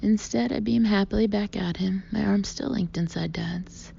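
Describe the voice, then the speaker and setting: A woman narrating an audiobook in the first person, expressive, often sinking to a breathy half-whisper. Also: mid-range voice, moderate pace. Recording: muffled lo-fi audio with faint hiss.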